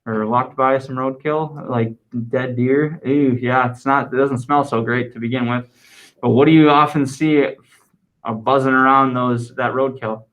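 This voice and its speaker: Lively male science teacher. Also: medium pitch, low-quality recording. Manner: lively, dictates slowly and repeats answers. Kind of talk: classroom lesson.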